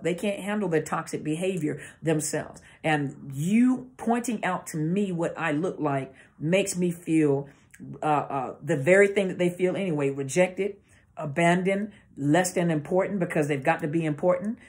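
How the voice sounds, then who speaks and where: Talking to camera about narcissistic abuse, a female therapist keeps things casual and educational, frequently groping for words and starting her sentences over. She has a low-pitched, slightly mellow voice and speaks at a moderate pace, picked up by the camera's built-in mic.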